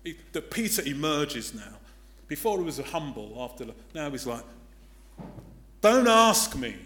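An older man preaching a sermon, emphatic and dramatic, swinging between loud declarations and hushed tones. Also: a little high, animated, normal speed.

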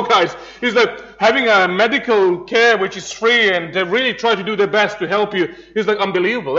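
A man's voice: sits high, pushed and bright. A man from Serbia, preaching a humorous sermon, telling jokey stories with laughs and many restarts. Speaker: pastor. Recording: dull lo-fi sound.

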